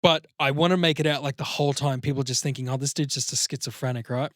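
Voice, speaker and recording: A man in casual podcast chat, rambling and swearing as he tells a story, slipping into little acted voices along the way. His voice sits at a middling pitch. It is recorded close and dry. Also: steady tone, fast talker, dry recording. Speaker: podcast co-host.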